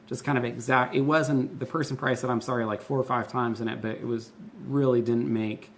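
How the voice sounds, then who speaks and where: A man's voice: medium pitch, steady tone, a little fast. A man in his thirties, a pastor and host, explaining things in a casual, candid and earnest way. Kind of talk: casual conversational teaching.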